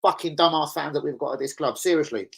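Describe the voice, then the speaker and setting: A man's voice: fairly high pitch, fast talker, vocal fry, a bit bright, slightly rough. A man ranting angrily on a live stream as a football fan streamer, swearing heavily and getting worked up. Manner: angry, profane, heated.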